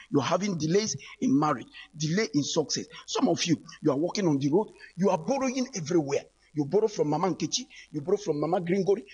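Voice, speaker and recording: A man preaches over the radio. His voice sits a little high and is husky, and he speaks in fervent, repetitive appeals aimed straight at the listener. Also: darkish tone.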